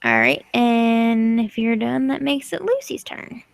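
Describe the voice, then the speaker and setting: A woman narrating and refereeing a tabletop role-playing game in a casual, relaxed way. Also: fairly high pitch, a little slow, creaky, no room sound. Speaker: game master.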